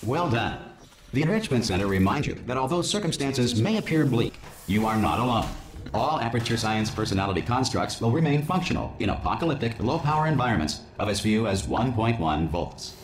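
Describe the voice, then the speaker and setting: A man voicing a calm male facility announcer in a video game, formal and deadpan. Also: mid-range voice, a little fast, natural voice. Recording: echoey with background noise.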